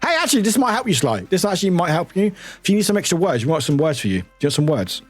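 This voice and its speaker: A UK streamer with a high, sing-song, rapid-fire voice chats casually with viewers, often laughing, swearing, and reading chat aloud. Faint music plays in the background.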